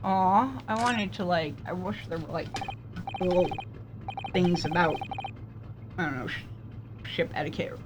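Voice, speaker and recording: A woman's voice: fairly low pitch, unhurried, long pauses, slight background noise. A woman playing a story game, reading lines and joking in casual chat. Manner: playful and joking, with giggles and trailing asides. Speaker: game player. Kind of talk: casual let's-play chat and reading dialogue.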